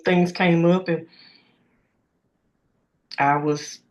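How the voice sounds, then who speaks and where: Low-voiced affirming woman host. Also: fairly even intonation, very slow, darkish tone. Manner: affirming, thanks the guest and backchannels often. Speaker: podcast host. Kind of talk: interview host.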